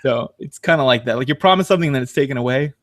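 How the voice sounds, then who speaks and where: A man's voice: mid-range voice, very fast, dry recording, clean studio sound. A man hosting a casual podcast, rambling through fillers and restarts and laughing as he tells stories. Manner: animated storyteller, laughs while talking. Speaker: podcast host. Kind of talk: casual chat.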